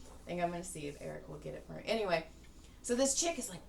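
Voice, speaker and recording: A woman's voice: fairly low pitch, expressive, fast talker, vocal fry, crowd noise. Profane rambling woman host, roomy distant sound. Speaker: podcast host. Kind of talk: casual chat. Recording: roomy, distant mic, faint hiss.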